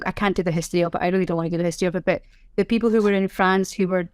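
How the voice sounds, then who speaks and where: A woman with a Scottish accent, a sign language interpreter being interviewed in casual chat, self-deprecating with quick asides. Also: fairly low pitch, a little mellow, clean tone, no echo, studio quality. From Scotland.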